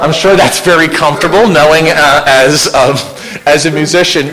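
At moderate pace and with a fairly high voice, a man gives a local historian's slide talk, an informal illustrated history lecture with conversational, wry asides. Crowd noise is audible and the recording is low quality.

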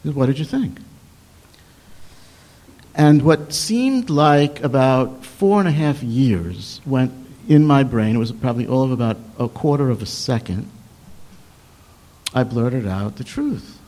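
An older man telling a personal anecdote in an animated, self-mocking way, with halting restarts. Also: mid-range voice. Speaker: storyteller. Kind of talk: personal anecdote told to an audience.

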